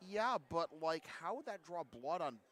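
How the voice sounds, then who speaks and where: A man giving live play-by-play commentary on a college basketball game, getting louder and more excited on big plays. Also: a little high, normal speed.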